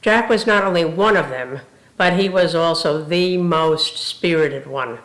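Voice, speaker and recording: Older woman, tribute speech, humorous storytelling, lowish voice, echoey room. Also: a little slow, a bit bright. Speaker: university president emerita. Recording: roomy echo.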